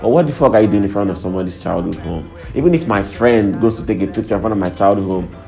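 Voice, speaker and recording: A man's voice: on the low side, quick pace, gravelly, warm tone. A young man hosting a profane, irreverent comedic monologue, laughing between lines. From Nigeria. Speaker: host. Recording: faint background music.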